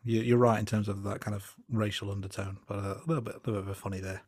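A man co-hosting a casual film review podcast, relaxed and hesitant, with plenty of fillers and restarts. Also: on the low side, very fast, dry recording, clean studio sound. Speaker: podcast co-host.

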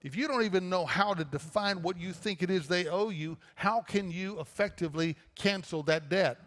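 Male pastor, conversational sermon delivery, somewhat high pitch, long church-hall reverb. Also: normal speed, a bit bright. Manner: conversational preaching with repeated restarts. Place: church auditorium.

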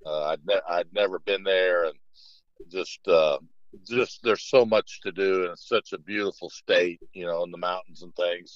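This fairly low-pitched middle-aged man is a basketball coach sharing stories in a relaxed interview. His delivery wanders, packed with fillers, "you know," and false starts, and he gets animated when imitating people in his anecdotes. The sound is dry and dull lo-fi, with no echo.

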